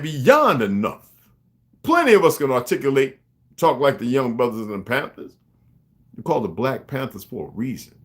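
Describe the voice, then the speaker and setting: Profane, animated man ranting on a livestream. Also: mid-range voice. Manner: profane, emphatic, rambling; greets chat viewers by name. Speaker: livestreamer talking to viewers. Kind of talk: unscripted livestream rant.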